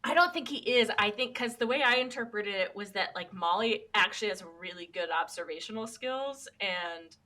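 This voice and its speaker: A woman co-hosts a casual podcast with a bright, sharp tone at a middling pitch. She chimes in with quick, wry remarks and laughs easily. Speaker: podcast co-host. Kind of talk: casual chat.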